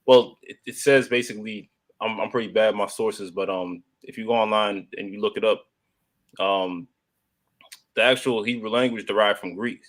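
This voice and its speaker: A man joining a livestream chat, talking hesitantly with many pauses and restarts. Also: fairly low pitch, fairly even intonation. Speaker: livestream guest. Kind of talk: casual chat.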